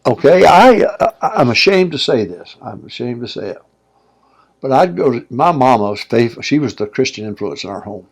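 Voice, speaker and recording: A man's voice: mid-range voice, big pitch swings, moderate pace, creaky, breathy edge. An older man, a pastor and guest, telling his story in a folksy, plainspoken way and chuckling as he goes. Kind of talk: storytelling interview.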